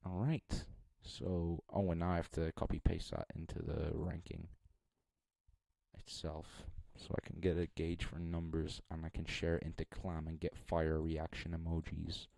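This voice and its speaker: A man's voice: a bass voice, completely flat delivery, unhurried, vocal fry, dark tone, no room sound. A young man streaming live, thinking aloud in a rambling, casual way and poking fun at himself.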